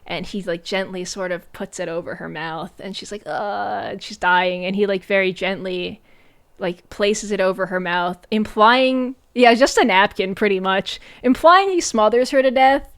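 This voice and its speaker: Woman, streamer, casual sarcastic commentary, lots of fillers, smooth clear voice. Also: mid-range voice, moderate pace. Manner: chatty and sarcastic, many fillers and "like"s.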